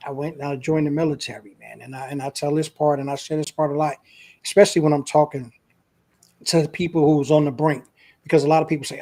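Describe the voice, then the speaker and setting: A man's voice: on the high side, flat delivery, a little fast, warm tone. A man, a guest on an interview show, earnestly telling a personal story in a casual, emotional way.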